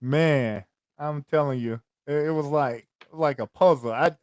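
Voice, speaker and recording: A man's voice: fairly high pitch, measured pace, a little mellow, no echo. A man co-hosting a podcast in casual chat, eager and stumbling over his words as he jumps in on his friend. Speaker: podcast co-host.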